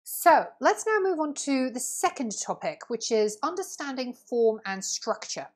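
A young adult woman explaining a lesson to students, clear and patient, step by step. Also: high-pitched, big pitch swings, measured pace. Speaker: teacher.

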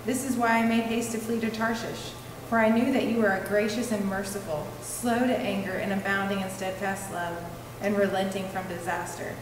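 A woman reading a scripture passage aloud in a steady, measured way. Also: mid-range voice. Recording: distant mic in an echoey hall with room noise.

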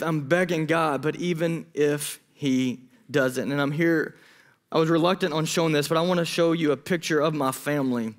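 Youth pastor guy in his 30s preaching, tells personal stories, emotional, kinda high voice. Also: fairly even intonation, moderate pace, some chatter behind, slight background noise. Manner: personal, emotional storytelling with asides. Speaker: student pastor. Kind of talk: sermon. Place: church hall.

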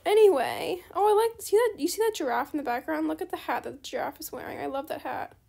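A young woman with a high voice that drops into a gravelly fry, chatting casually over gameplay. She talks in a loose, rambling way, often saying sorry and perking up at new things. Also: fast. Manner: chatty, apologetic, easily excited. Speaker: gaming channel host.

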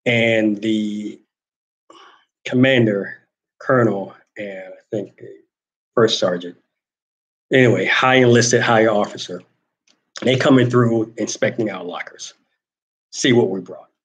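Male host, casual storyteller, slightly low pitch, animated. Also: unhurried, long pauses, poor audio. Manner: animated storyteller acting out quoted voices. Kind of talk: casual storytelling and reading comments.

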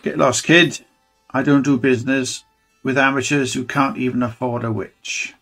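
A scornful, dismissive informant who sells cave intel to treasure hunters, sneering at anyone he sees as an amateur. A man reads him out in a gravelly voice, with soft game music in the background. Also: mid-range voice, fairly even intonation, moderate pace. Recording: faint game music behind.

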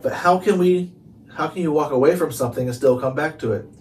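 A man's voice: on the high side, brisk, darkish tone, close to an everyday voice. A man voicing a brave, wary young girl in a storybook read-aloud, speaking earnestly and asking questions. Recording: distant mic, faint hiss.

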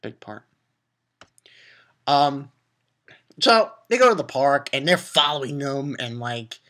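A man giving a casual spoken episode review, rambling and swearing as he rants in exasperation. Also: on the high side. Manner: animated, profane, exasperated ranting; rambling with restarts and filler. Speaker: anime reviewer.

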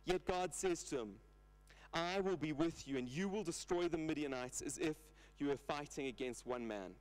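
A man preaching a sermon in church, earnest, retelling scripture in lively paraphrase. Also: on the high side, moderate pace, low-quality recording.

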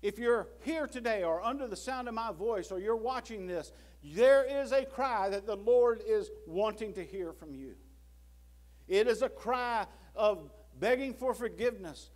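Male preacher, high-pitched and unhurried, who acts out prayers and voices God in his sermon. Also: animated. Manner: swings from loud pleading to hushed low tones; acts out prayers and God's words in quotes. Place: church sanctuary.

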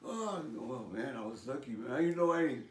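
A man's voice: mid-range voice, lively intonation, moderate pace. Older man telling his life story. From California. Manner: casual, storytelling with "man" and "you know" fillers, street slang. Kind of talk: personal testimony. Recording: echoey room, voice from a distance.

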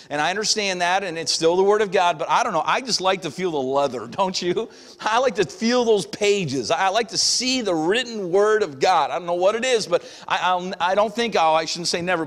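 Long hall reverb fills this church sanctuary recording of a middle-aged pastor giving a sermon. He talks in a relaxed, folksy style, voicing small everyday characters as he goes, with a high and slightly bright voice.

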